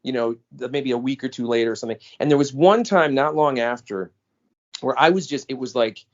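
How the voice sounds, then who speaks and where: In dull lo-fi audio, an American man co-hosting a podcast tells a story in a casual chat. His mid-range voice moves briskly, and he animatedly acts out the voices he quotes.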